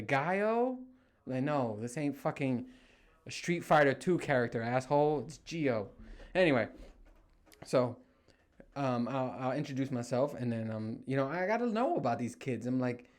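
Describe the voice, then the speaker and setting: A man in his thirties hosting a casual solo podcast from a room in his home, telling stories with lots of swearing and acting out what people said. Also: medium pitch. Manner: animated storytelling, heavy swearing, acts out quotes. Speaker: podcast host.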